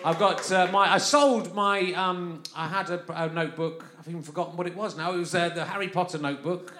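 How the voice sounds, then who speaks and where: This man from London hosts a live comedy podcast, talking a little fast in a high, sharp voice with fairly even intonation. His monologue to the festival audience is loose and chatty, full of laughter, recorded in a roomy venue.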